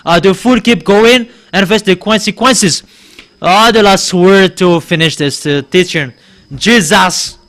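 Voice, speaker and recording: A man from Madagascar, a native Malagasy speaker, preaching a sermon in English with emphatic declarations and frequent halting pauses. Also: sits high, a bit bright. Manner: halting, with many uh pauses and restarts.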